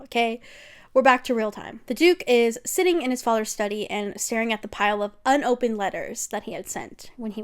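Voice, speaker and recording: A young woman vlogger giving an animated, gushing recap of a TV series, full of slang and swearing. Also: fairly high pitch. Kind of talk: casual, chatty recap.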